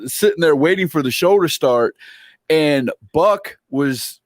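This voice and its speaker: A man's voice: fairly high pitch, a little slow, dry recording, clean studio sound. A man hosting a casual interview, telling stories animatedly and acting out quoted voices. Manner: animated storyteller, acts out quoted voices with laughs. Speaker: interview host.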